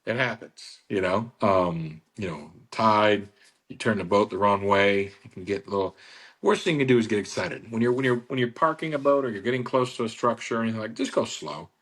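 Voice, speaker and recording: A man talking casually on a radio show, pitching his boat club in a chatty, salesy way and repeating the phone number. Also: fairly quick, a bit bright. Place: radio studio.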